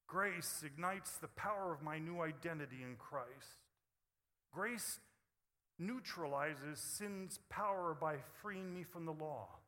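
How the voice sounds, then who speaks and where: A man preaching a sermon, moving between hushed, intimate passages and loud, emphatic bursts. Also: a little high, slow pace, in a large hall. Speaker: pastor.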